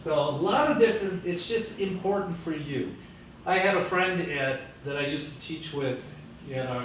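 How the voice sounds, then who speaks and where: A man teaching a classroom lecture, lively and coaching his students. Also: mid-range voice. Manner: lively, coaching students through name pronunciation. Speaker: teacher educator. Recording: echoey classroom from far off, faint hiss.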